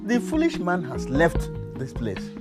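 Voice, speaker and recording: A fretful Nigerian father whose high voice rises and falls widely as he slowly pleads and promises. He talks with a drawn-out, protective weight. Film music plays loudly under his lines. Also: huge pitch swings. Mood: soothing. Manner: pleading, tender then angry on phone. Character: worried father consoling his pregnant daughter. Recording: film soundtrack with loud music.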